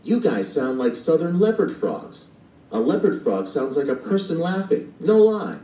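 A man's voice: fairly high pitch, big pitch swings, normal speed, warm tone, voice pushed up. A man voicing an eager young boy who is obsessed with frogs, in a recorded storybook reading. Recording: distant and echoey playback.

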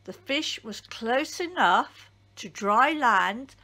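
A woman reading a children's Bible story aloud as a church storyteller, deliberate and expressive. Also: fairly high pitch.

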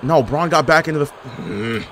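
Young male gaming commentator, lively pitch, sarcastic trash talk, faint background noise. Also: normal speed. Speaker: gaming YouTuber. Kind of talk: live gameplay commentary.

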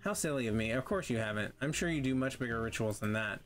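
A man's voice: medium pitch, animated, fast talker, natural voice. A man reading out the lines of a flustered, chatty woman witch in a video game, in an eager, rambling, self-conscious way. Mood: flustered chatter.

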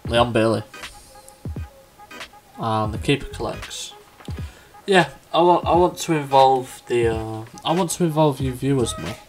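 A gaming YouTuber, a chatty young man with a mid-range voice, commentates a game. He's excitable, full of quick laughs and exclamations, with faint background music playing.

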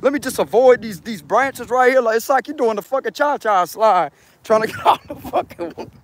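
A man's voice: extremely high pitch, animated, fairly quick, slight background noise. A man who reads tarot, walking a wooded trail outdoors and chatting to his viewers in a laid-back, slangy, profane way, often laughing. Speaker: tarot reader. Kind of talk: casual walking vlog.

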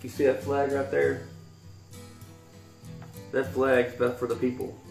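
Faint guitar music and roomy echo surround a man in his thirties from Kentucky, a YouTuber with a Southern accent, as he reads a poem and then talks earnestly, rambling and restarting sentences. His medium-pitched voice is creaky and darkish, with flat delivery and a slightly slow pace.

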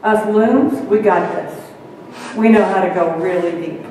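A woman's voice: medium pitch, unhurried, dark tone, a little hiss or hum, natural voice. Woman doing a cocky storybook loon. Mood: boastful. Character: eager, boastful loon. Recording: echoey hall, mic far off.

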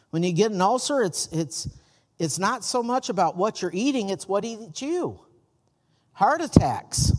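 A man's voice: sits high, long reverb tail. A male pastor preaching a sermon in a church sanctuary, folksy and full of stories.

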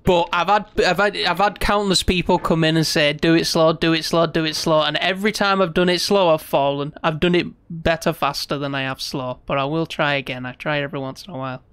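A man streaming live gameplay, frustrated and swearing, then coaxing himself to stay calm. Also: a little high, fairly quick, hardly any pauses, clear, resonant tone.

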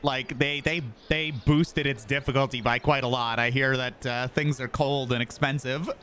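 A man's voice: mid-range voice, fairly even intonation, normal speed, a bit bright, slight background noise. A young Canadian man chatting casually on a gaming stream, laughing often as he talks. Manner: giggly, laughs often mid-sentence.

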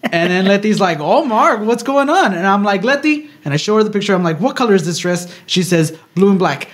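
A man co-hosting a podcast, telling a story in casual chat, swearing freely and acting out what people said. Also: high voice. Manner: animated, swears freely, acts out quotes. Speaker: podcast co-host.

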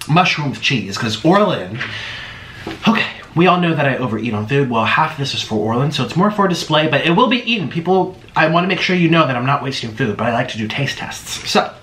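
A man chats to camera as host of an eating show, hyper and excitable, his voice leaping up and down in pitch. His tone is bright and a little high, and the room around him rings with echo. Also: fairly quick. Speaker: mukbang host. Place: home in Florida. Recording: echoey room, faint noise.

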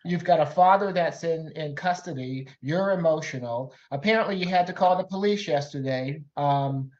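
A man serving as a judge, questioning a witness over a video call in a measured, stern way with frequent fillers. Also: a little high, a little mellow. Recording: lo-fi call audio.

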